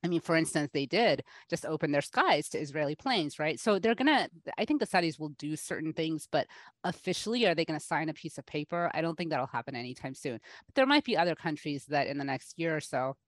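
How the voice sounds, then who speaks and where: Low-voiced woman losing her voice. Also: expressive, brisk, no room sound, studio quality. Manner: conversational, many fillers and restarts. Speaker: journalist guest. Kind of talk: radio interview answers.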